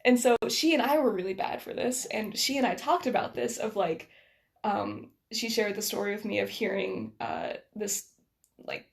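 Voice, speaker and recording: American woman w a bit of scottish lilt, chatty, lots of fillers, gravelly fry in her voice. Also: medium pitch, big pitch swings, normal speed. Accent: American with slight Scottish influence. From United States. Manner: chatty, self-deprecating, many fillers and restarts. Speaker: guest. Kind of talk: casual conversation.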